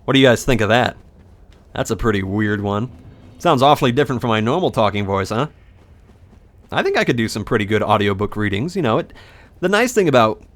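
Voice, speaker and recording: A man chats casually over his gameplay, rambling from one joke to the next. His intonation rises and falls a lot, and he talks in quick bursts. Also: fairly low pitch. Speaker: gaming video host. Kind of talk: casual let's-play commentary.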